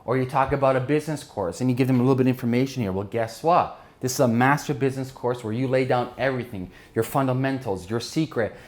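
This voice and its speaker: A man giving an energetic business lesson while drawing on a board, often checking in with his listeners. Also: mid-range voice, fast talker, hardly any pauses. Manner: energetic, keeps checking in with "right?" and "okay?". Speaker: business instructor.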